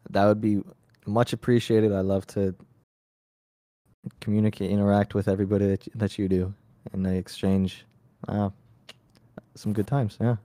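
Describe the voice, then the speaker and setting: Laid-back young man, low voice. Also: level tone, normal speed, long pauses, dark tone, dry recording. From Canada, Toronto. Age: young adult. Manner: easygoing, laid-back, a bit hesitant. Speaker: guest rapper. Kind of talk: casual podcast conversation.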